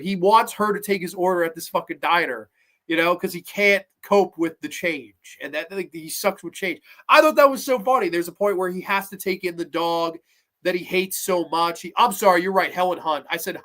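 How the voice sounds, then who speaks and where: A man hosting a podcast, chatting casually about a film in a rambling, excitable way and swearing often. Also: sits high, fairly quick. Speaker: podcast host. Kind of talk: casual movie review chat.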